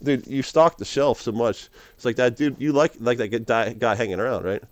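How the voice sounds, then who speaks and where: Man, rambling vlog monologue, slangy, laughs a lot, dry close sound, mid pitch. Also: fairly even intonation, a little fast, hardly any pauses, a little mellow, clean tone, no room sound. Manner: slangy, laughs often, calls listener dude and man. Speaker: vlogger.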